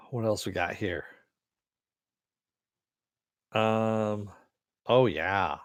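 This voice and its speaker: This fairly low-pitched man draws out his words, captured at studio quality without any echo. Hosting a podcast, he reads listener comments and wanders through entertainment news in easygoing, profane chatter punctuated by frequent laughter.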